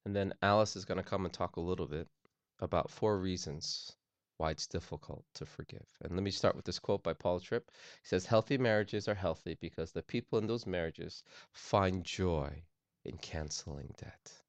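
A man delivers a sermon in a low, deep voice, earnest and conversational, repeating and restarting phrases. The sound is dry, with little room in it. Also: moderate pace, no echo. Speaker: pastor. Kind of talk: sermon on forgiveness.

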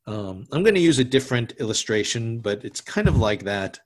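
A male pastor delivers a sermon in a mid-pitched voice, talking conversationally with frequent restarts and asides. He lowers his voice to a hush on solemn words, then lifts it again. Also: sing-song, a little fast.

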